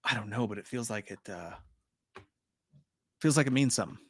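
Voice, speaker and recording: A man's voice: fairly low pitch, animated, fairly quick, a bit bright, breathy edge, no echo, studio quality. A man hosting a live trailer breakdown, rambling casually, swearing freely and reading out chat comments. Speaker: live-stream host.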